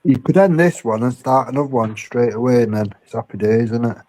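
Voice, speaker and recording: A man chats on a live-stream panel in a plain mid-pitched voice. He sounds laid-back and drops swear words easily. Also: a little fast, warm tone, rough recording. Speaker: panel guest. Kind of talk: casual live-stream chat.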